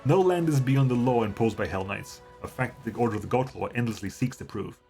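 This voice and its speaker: A man's voice: medium pitch, quick pace, mellow, soft background music. A man streaming a video game, reading its text aloud and musing casually with fillers.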